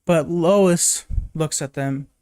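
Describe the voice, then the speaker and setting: A man's voice: slow pace, a little mellow, smooth, dry recording, clean studio sound. Rambling young man recapping a film. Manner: rambling, many fillers and restarts, jumps high when quoting characters; laughs often, swears casually. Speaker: movie reviewer. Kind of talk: casual spoken movie recap.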